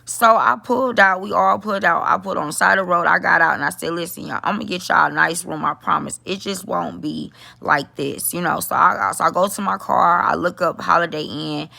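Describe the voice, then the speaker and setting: A middle-aged woman telling a story in a casual vlog, animated, talking to her viewers and swearing freely. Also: on the low side, brisk, gravelly, hardly any pauses, no echo. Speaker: vlogger.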